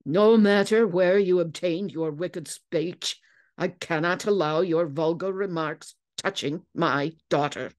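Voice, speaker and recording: Actress doing a stern older father for an audiobook, loud gruff growl, measured delivery. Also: low voice. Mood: threatening. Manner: gruff, indignant. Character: stern older father, self-righteous, bellowing.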